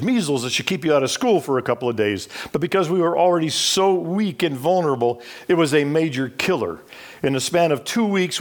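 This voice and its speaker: A middle-aged man, a charity president, giving an earnest, emotional personal talk that slows down on heavy moments. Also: mid-range voice. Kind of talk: personal storytelling speech.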